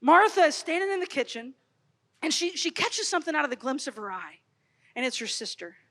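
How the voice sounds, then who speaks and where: Lively woman speaker at a youth conference, high voice, goes big then quiet, long echo off a big hall. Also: fairly quick. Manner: expressive, storytelling, swings from loud to hushed. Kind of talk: animated Catholic youth talk. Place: large hall.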